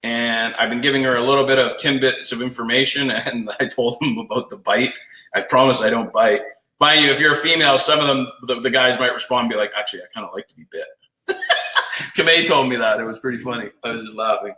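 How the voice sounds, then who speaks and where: A man coaching a live audience in a blunt, profane, rapid-fire pep talk. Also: mid-range voice, fairly even intonation, bright, forceful tone. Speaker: sales coach. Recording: roomy echo.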